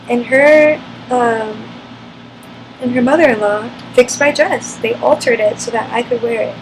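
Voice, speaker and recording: A woman's voice: fairly high pitch, measured pace, a bit bright, a little hiss or hum, rough recording. A woman vlogger telling a personal story to the camera, candid and emotional, with many fillers.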